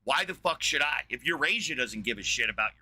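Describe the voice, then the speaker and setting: A man's voice: medium pitch, lively intonation, brisk, sharp tone, rough recording. A man in his forties from New Mexico, ranting angrily on his podcast with constant swearing and rambling asides. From New Mexico, USA. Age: 40s. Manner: angry, rambling, heavy swearing. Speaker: podcast host. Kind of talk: profane solo rant.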